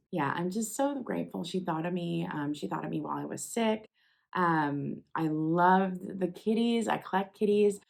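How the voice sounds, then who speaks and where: A young woman, chatting casually as she opens packages, gushing with excited exclamations. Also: fairly low pitch, moderate pace, creaky. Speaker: vlogger. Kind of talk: casual unboxing chat.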